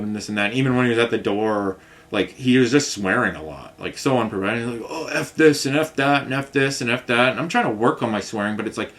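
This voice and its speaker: A man's voice: quick pace, fairly bright tone. Rambling frustrated man telling a story. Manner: rambling, frustrated, mimics others with raised pitch. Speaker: vlogger telling a complaint story. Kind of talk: casual storytelling rant.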